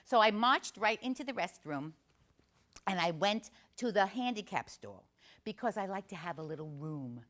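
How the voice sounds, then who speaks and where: A woman's voice: medium pitch, animated, normal speed, a bit bright, natural voice. A woman playing a brash, chatty Italian-American aunt from northern New Jersey, telling a comic story in a confiding way with a New Jersey accent. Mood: gabbing. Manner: chatty, confiding, asks the audience questions.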